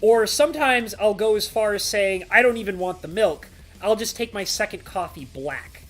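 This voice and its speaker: A man's voice: high voice, moderate pace. A man chatting casually on a live stream, reading out chat messages and rambling with plenty of "like" fillers. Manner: animated, mock-ranting.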